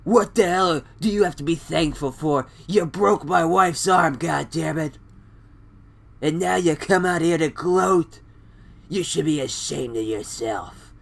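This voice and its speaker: A man's voice: a little high, measured pace, gravelly, fairly bright tone, pitched above the performer's own voice, full character voice. A man doing a self-mocking impression of a snarling, threatening male wrestling boss. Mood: angry. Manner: growling threats, self-described bad impression.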